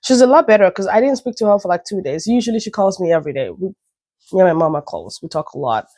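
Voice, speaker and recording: In a casual storytelling vlog filmed at home, a woman from Nigeria talks fast in a mid-range, slightly mellow, expressive voice. She wanders off into chatty, self-deprecating asides while her stuffy nose and an occasional cough interrupt. It's a dry, studio-quality recording.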